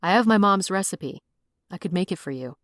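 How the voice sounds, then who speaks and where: A woman's voice: lowish voice, expressive, brisk, no room sound, natural voice. Woman playing an earnest, protective police chief.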